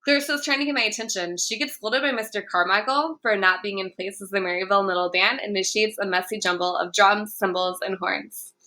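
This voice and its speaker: A woman reading a young-adult novel aloud in first person, in a clear, even storytelling manner. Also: medium pitch, a little fast, hardly any pauses. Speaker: audiobook narrator. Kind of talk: first-person audiobook narration.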